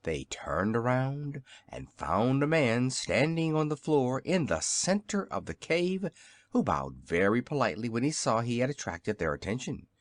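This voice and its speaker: A man narrating a classic children's storybook as an audiobook, in an expressive storytelling manner. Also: medium pitch, unhurried, no room sound. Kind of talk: scripted narration.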